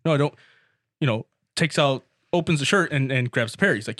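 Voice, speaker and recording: A man's voice: mid-range voice, animated, quick pace, a bit bright, dry recording, clean studio sound. A young man in casual chat with friends, telling long rambling jokes and swearing freely. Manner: rambling joke-teller, swears a lot.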